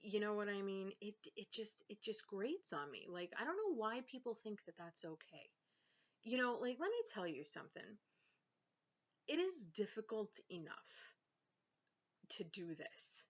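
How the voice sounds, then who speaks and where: A woman's voice: medium pitch, big pitch swings, measured pace. A young woman venting in a casual vlog, sarcastic and exasperated, with lots of fillers. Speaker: vlogger and author. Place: home. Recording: slightly dull lo-fi sound.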